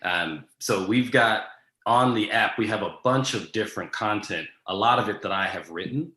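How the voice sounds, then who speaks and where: The echo of the room is clearly audible as this guest responds casually to questions. He has a fairly low, bright, forward voice, and he thinks aloud with many ums and sentence restarts, staying easygoing throughout.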